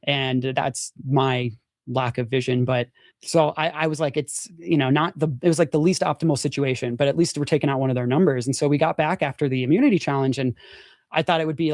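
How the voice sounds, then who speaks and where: A young man with a fairly high voice recounts his story, leaping up in pitch whenever he acts out what others said. The sound is dry and close, with no room around it, and his talk runs loose and chatty with plenty of fillers. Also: dry recording. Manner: animated storyteller, acts out quotes with big pitch jumps, frequent "like". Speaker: podcast guest, former reality show contestant. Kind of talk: casual storytelling interview.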